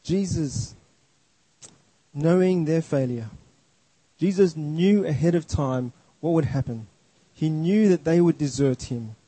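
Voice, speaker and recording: Slow, earnest man preaching a sermon. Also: fairly high pitch, warm tone, slightly rough, no room sound, low-quality recording. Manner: earnest, emphatic, with repeated restarts.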